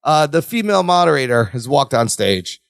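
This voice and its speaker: Lively, joking man with a bouncy voice. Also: on the high side, moderate pace, creaky, dry recording, studio quality. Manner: animated, jokey, acts out characters' lines. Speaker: podcast co-host. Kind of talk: casual chat recapping a sitcom episode.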